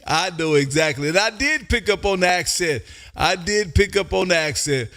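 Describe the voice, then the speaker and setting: A man from Texas hosting a live ham radio show. He talks loudly and excitedly, drawing out call signs as he reads them. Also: on the high side, moderate pace. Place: home radio room.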